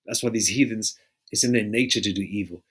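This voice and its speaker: Man, lowish voice, rambling casual preacher, keeps checking in with listeners, swears a lot. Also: fast, a bit bright, slightly rough. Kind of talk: casual street-style preaching with scripture readings.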